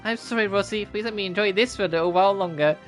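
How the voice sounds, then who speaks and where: A streamer voicing a sweet, shy younger sister who speaks softly and gratefully. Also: medium pitch, racing, faint music behind, voice pushed up, close to an everyday voice.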